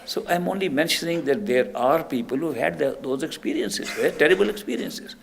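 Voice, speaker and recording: A man giving a spiritual discourse, telling stories in an unhurried way with soft laughs. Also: on the high side, lively intonation, creaky. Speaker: spiritual teacher.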